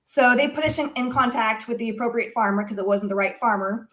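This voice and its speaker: A woman, a guest on a talk show, telling a personal story in an animated conversational way with many filler words. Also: a little high, fast. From United States. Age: adult.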